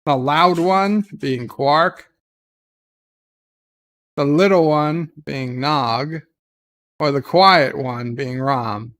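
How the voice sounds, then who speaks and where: A man's voice: fairly high pitch, extremely slow, long pauses, a bit bright. A man hosting a casual live watch-along, retelling the scenes loosely with many "uh" and "like" fillers and answering viewer chat in passing. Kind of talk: casual live episode commentary.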